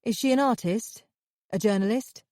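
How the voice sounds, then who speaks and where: A woman voicing an indignant woman therapist who fiercely defends her patient, speaking in sharp, outraged outbursts. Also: on the high side, moderate pace, no echo, clean studio sound, voice pushed up, natural voice. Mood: terse.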